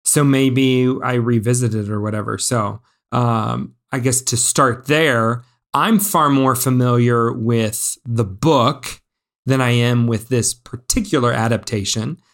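A man co-hosts a podcast in a loose, casual chat. His voice sits in a middle register, and he talks in an animated way, full of ums and uhs. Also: mid-range voice, slow. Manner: chatty, animated, with many fillers. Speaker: podcast co-host.

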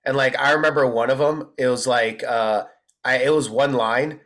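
A male comedian guest in casual conversation, telling animated stories and acting out quotes. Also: mid-range voice, normal speed. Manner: animated, acts out quotes in big voices. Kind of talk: casual storytelling chat.

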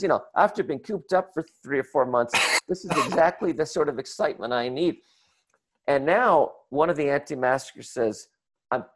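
A man telling a comic story to an audience, animated and acting out the people in it. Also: fairly high pitch. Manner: animated, acts out voices and shouts in the retelling. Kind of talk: comic anecdote told to an audience.

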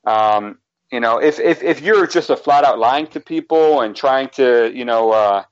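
A man's voice: mid-range voice, a little slow. Rambling man on a dull lo-fi line. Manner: rambling, many restarts and fillers. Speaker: basketball draft analyst. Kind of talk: casual podcast discussion.

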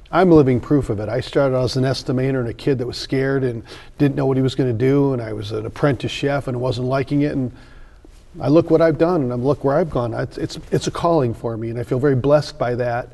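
A man in his fifties, a sales trainer on a podcast, telling stories in an animated way and acting out the voices. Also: medium pitch, gravelly. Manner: animated storyteller, acts out voices. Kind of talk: podcast interview storytelling.

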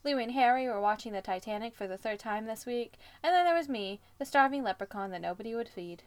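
A woman co-hosting a podcast, reading fan fiction aloud with commentary and jumping up in pitch for the quoted lines. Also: expressive, quick pace. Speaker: podcast co-host.

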